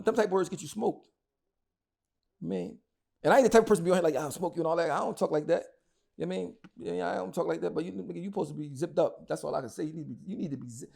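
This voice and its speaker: This man speaks as an interview guest in casual interview talk, blunt and heated, frequently repeating words as he goes. His voice is slightly high, with a gravelly yet warm tone.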